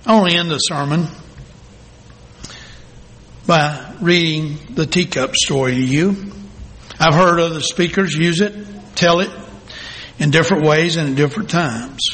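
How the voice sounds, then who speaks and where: A male pastor telling a story in a sermon, reading slowly and deliberately with dramatic pauses. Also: a little high, a bit bright. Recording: long hall reverb.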